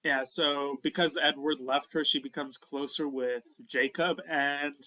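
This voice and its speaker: A man's voice: a little high, fairly even intonation, a little slow, sharp tone. A man co-hosting a podcast in casual chat, rambling with many fillers as he recalls film scenes. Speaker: podcast co-host.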